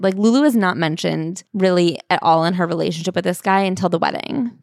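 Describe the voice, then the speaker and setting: A woman's voice: lowish voice, lively intonation, fast talker, vocal fry, few pauses, a little mellow, no echo, clean studio sound. A woman co-hosting a podcast, casually retelling a memoir with wry amusement. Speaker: podcast co-host.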